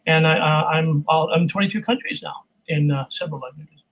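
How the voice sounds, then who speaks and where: A man from California, a voice actor, chatting as an interview guest in an animated, jokey way. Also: fairly high pitch, brisk, low-quality recording. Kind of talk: casual interview chat.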